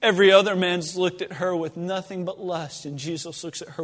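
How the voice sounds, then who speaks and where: High-voiced pastor guy preaching, fervent then hushed, long church echo. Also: steady tone, normal speed, few pauses. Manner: swings from loud, fervent pleading to hushed, low-voiced storytelling. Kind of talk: sermon. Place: church sanctuary. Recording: long reverb of a church sanctuary.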